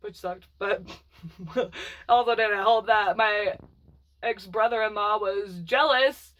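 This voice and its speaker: A woman's voice: mid-range voice, slow, a bit bright, lo-fi sound. A woman telling a personal story in a casual, blunt, profane way, rambling with fillers. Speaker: vlogger telling her life story.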